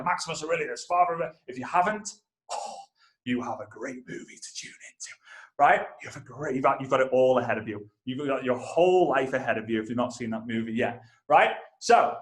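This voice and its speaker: A man's voice: fairly high pitch, echoey room. A man in his thirties, a network marketing trainer telling a story and talking straight to his listeners. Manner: animated, addresses listeners directly. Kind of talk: energetic storytelling talk.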